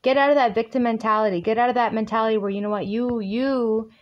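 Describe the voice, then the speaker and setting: A woman with a fairly high voice runs through a tarot reading for her viewers. She talks bluntly and with emphasis and swears freely. Her tone is direct and forceful. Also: steady tone, fast, lo-fi sound. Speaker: tarot reader.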